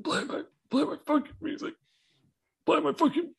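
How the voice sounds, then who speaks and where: A man voicing a ranting male wrestler who yells high and hard for his entrance music. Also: normal speed, creaky, exaggerated voice. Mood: pained. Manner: high-pitched yelling.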